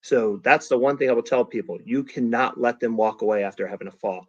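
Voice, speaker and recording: A man's voice: mid-range voice, brisk, no echo. Middle-aged man, podcast guest, storyteller who acts out quotes; dry, dull-ish recording. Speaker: podcast guest, father of a young racer. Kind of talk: casual storytelling chat.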